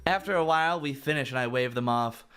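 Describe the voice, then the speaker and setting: A man's voice: mid-range voice, quick pace, clean tone. A man reading a fan fiction about himself aloud, stopping often to mock it with sarcastic asides. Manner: sarcastic, animated. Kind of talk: dramatic reading with sarcastic commentary.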